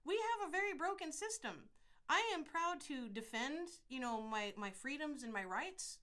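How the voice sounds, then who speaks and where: A woman's voice: sits high, animated, moderate pace, pushed and bright. Blunt, profane middle-aged woman podcaster. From California. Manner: blunt and profane, rambling with restarts. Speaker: podcast host. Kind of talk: casual monologue.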